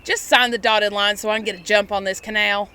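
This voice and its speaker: A woman's voice: medium pitch, fairly even intonation, brisk, pushed and bright, smooth, close to an everyday voice. A woman playing a cocky American negotiator with a boastful, folksy way of talking.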